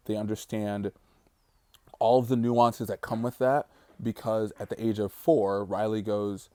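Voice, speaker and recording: A man in his thirties giving an earnest, reflective personal vlog monologue while grieving, slowing down on the heavy words. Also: lowish voice, flat delivery, darkish tone, dry recording. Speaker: vlogger.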